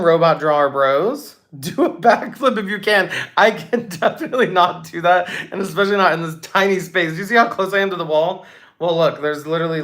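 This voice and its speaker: A young woman hosting a casual livestream Q&A, reading out chat comments in a bubbly, chatty way with quick asides. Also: on the low side. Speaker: livestream host.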